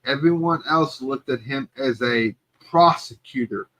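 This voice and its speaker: Man, podcast co-host, unhurried, mid-pitched, emphatic, casual film talk. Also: pushed and bright, rough recording. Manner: emphatic, argues his point. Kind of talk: casual movie discussion.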